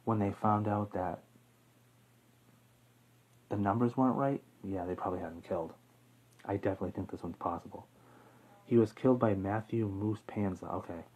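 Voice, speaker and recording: A man's voice: lowish voice, moderate pace, long pauses, darkish tone, slightly rough, poor audio. A man hosting a casual true-crime video, rambling with fillers, self-corrections and the odd chuckle. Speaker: YouTube true-crime host. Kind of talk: casual off-the-cuff talk to camera.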